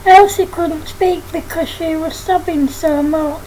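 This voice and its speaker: Lady reading her own kids story, very slow, high voice. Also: a little hiss or hum, poor audio. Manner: plain, steady reading.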